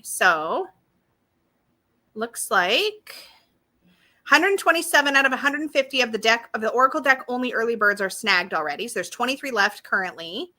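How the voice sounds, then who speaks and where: A bubbly woman with a lilt hosts a casual live stream, chatting with viewers as she goes. Her voice sits a little high and has a bright, forceful edge. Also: expressive, fairly quick. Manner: bubbly, chatty, reads viewer comments aloud. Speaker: creator hosting a live launch stream.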